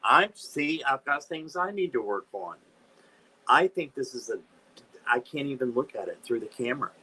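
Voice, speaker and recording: A man in middle pitch reads cards on a live stream in a chatty, easy tone. He breaks into dramatic squeals of disgust now and then, and his voice stays ordinary and unforced. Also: expressive, normal speed, sharp tone, slightly rough. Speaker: tarot reader, channel host. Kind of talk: live-stream card reading.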